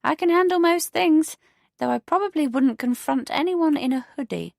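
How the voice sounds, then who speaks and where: A woman's voice: high voice, moderate pace, vocal fry, no echo, voice pushed up. A woman voicing a prim, gossipy elderly neighbour who talks in a fussy, lilting way, in a dry studio audiobook reading. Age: older.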